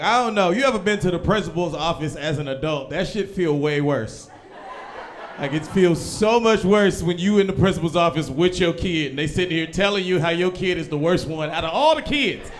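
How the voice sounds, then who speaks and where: A young man doing a stand-up comedy set in a small live venue, loud and profane, often shouting as he acts out people in his stories. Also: sits high, a little fast, slight background noise. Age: young adult. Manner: loud, animated, profane, swings into shouting impressions.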